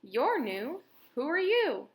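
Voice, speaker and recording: A small bird from a picture book, high and chirpy, with a teasing surprise in its voice. Its lines come out light and quick, as a woman puts it on. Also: big pitch swings, heavily acted. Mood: surprised.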